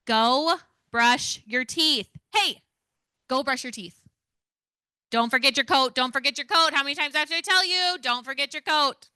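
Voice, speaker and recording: A woman acting out an exasperated mother who scolds her child with sharp, repeated commands. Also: medium pitch, fairly even intonation, moderate pace, vocal fry, clean tone, no room sound, studio quality. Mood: scolding, exasperated. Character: exasperated nagging mother yelling at her kid.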